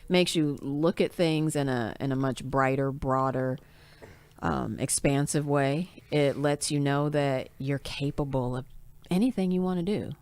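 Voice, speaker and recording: Woman host, low voice, earnest and upbeat casual chat, quick to laugh. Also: fairly even intonation, a little mellow, smooth. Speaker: podcast host.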